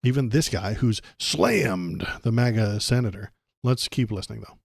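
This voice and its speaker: A man's voice: fairly low pitch, expressive, normal speed, gravelly, darkish tone, breathy edge, dry recording. Sarcastic ranting male streamer, dry sound. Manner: sarcastic, ranting, stumbling over words. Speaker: political livestream host. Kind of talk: casual political commentary.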